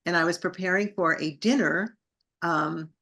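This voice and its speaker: A woman's voice: fairly low pitch, normal speed, fairly bright tone. A middle-aged woman, a singer and actress, telling her story in an interview with an enthusiastic, grateful manner.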